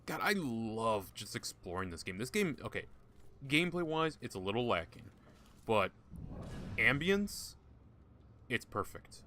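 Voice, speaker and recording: A man's voice: mid-range voice, sing-song, a little slow, long pauses, sharp tone, a little hiss or hum. A man giving casual gameplay commentary, joking, swearing often and talking to game characters. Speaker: gaming YouTuber.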